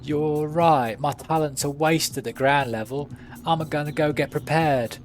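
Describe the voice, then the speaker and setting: A man's voice: a little high, a little slow, soft background music, voice pushed up, close to an everyday voice. A man doing a vain haughty diva. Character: vain attention-loving woman performer.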